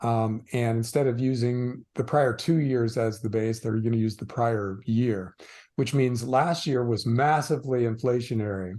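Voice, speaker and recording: Guy guest on a podcast, mellow dark voice, dry ironic jokes, lots of ums. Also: mid-range voice, moderate pace. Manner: dry ironic, hesitant with fillers. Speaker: guest commentator. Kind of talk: casual interview chat.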